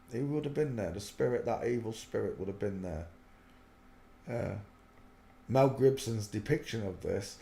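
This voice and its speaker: A man's voice: medium pitch, mellow. A man giving earnest, preachy spoken commentary on faith, rambling with many fillers, in an echoey room. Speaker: religious video host.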